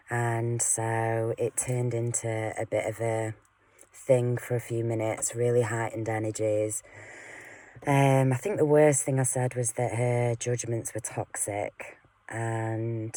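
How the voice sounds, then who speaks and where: A woman in an unscripted vlog rant, swearing often and rambling with fillers as she moves between loud outbursts and muttered asides. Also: very deep voice, dry recording. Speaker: vlogger. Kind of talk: unscripted personal rant to camera.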